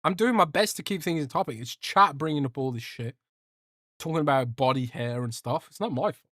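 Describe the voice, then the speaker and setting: A man's voice: fairly high pitch, a little fast, fairly bright tone, dry recording, clean studio sound. A young man hosting a casual livestream podcast, joking and rambling as he reads out chat. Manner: rambling, joking, swears a lot, trails off. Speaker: podcast host reading live chat.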